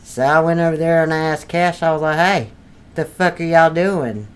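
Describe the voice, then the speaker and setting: A man's voice: a little high, moderate pace, smooth, lightly acted. A man doing a blustering redneck landlord. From North Carolina. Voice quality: profane, blustering, drawling. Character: crude redneck male landlord, blustering, foul-mouthed. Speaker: comedy podcast character. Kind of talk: improvised comedy sketch.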